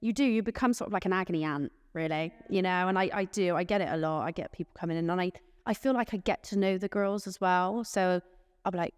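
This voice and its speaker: A woman's voice: fairly low pitch, fast talker, clear, resonant tone, no echo, clean studio sound, big-room sound. A woman, a care team manager chatting in an interview and acting out little exchanges. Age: late 20s. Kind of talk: casual interview answers.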